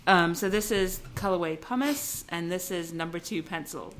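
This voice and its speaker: A woman's voice: on the low side, normal speed, a bit bright, a little hiss or hum. A woman co-hosting a podcast in casual chat, talkative and laughing often, trailing off mid-sentence. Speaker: podcast co-host. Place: yarn shop. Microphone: recorded on camera.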